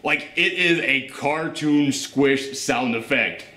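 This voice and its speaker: A man talks through a TV series in a casual review, animated and joking. His voice sits at an ordinary middle pitch. The sound is roomy and echoey. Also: takes it slowly. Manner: animated, joking, acts out scenes in little voices. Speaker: review show host. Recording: roomy echo.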